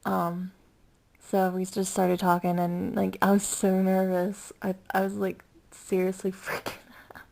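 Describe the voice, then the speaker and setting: A woman vlogging in a casual, chatty way, excitable and rambling, giggling often and using many fillers. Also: medium pitch, unhurried, gravelly.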